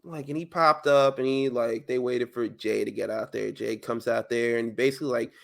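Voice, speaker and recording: A man co-hosting a casual wrestling podcast, animated and joking, often breaking into laughter and high-pitched impressions. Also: moderate pace, gravelly. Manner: animated, jumps into high-pitched quoted voices, laughs a lot. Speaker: podcast co-host.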